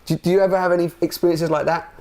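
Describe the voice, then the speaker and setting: A man's voice: high voice, flat delivery, racing, a little mellow. Earnest man hosting a spiritual chat. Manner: earnest, rambling, with frequent restarts. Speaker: talk show host. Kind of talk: casual spiritual conversation.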